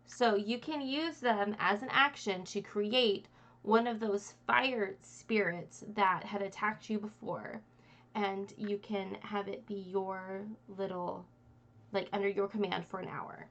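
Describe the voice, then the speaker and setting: A woman's voice: medium pitch, fairly even intonation, takes it slowly, fairly bright tone, lo-fi sound. A woman as game master, narrating a tabletop game and explaining rules in a rambling, friendly way with many fillers. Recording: light background noise.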